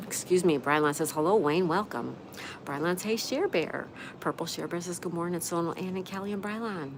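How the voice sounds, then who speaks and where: A woman's voice: on the low side, normal speed. A woman hosting a casual live stream, chatting and reading viewer comments aloud while greeting each person by name. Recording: steady background noise.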